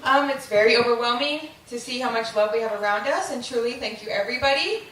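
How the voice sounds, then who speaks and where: A woman's voice: on the high side, fast, a bit bright. A young adult woman giving a heartfelt wedding thank-you speech, with frequent ums and small laughs. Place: large wedding reception hall with guests. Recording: very echoey, distant, noisy crowd. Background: murmuring wedding guests.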